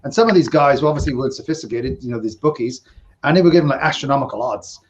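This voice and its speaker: A man's voice: mid-range voice, fast, dull audio. A man in his fifties, a casino dealer hosting a podcast, rambling through stories with chuckles and acted-out dialogue. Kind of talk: casual storytelling.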